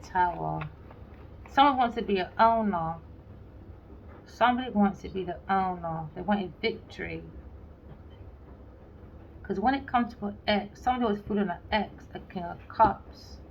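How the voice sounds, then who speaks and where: Speaking at a normal speed in a creaky, mid-range voice, a woman reads tarot casually and leaves long pauses. Blunt and sarcastic, she curses freely and plays out imagined exchanges. The recording is lo-fi and a bit dull, with a faint hiss of background noise.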